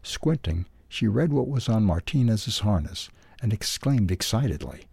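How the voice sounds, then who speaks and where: A man reading a children's animal story aloud for a newsletter's audio edition, in a calm, even way. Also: lowish voice, moderate pace, gravelly, few pauses, husky, no room sound. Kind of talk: storybook narration.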